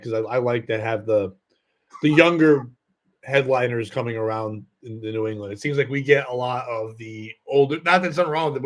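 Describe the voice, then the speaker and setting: A man's voice: medium pitch, a bit bright. A man hosting a podcast, telling a rambling story in casual chat, full of fillers and laughs. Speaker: podcast host and comedian.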